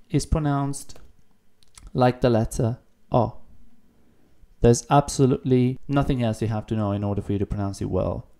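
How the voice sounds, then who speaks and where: A man's voice: medium pitch, warm tone. A man teaching an online beginner language lesson, explaining patiently and repeating words for practice. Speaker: Italian teacher.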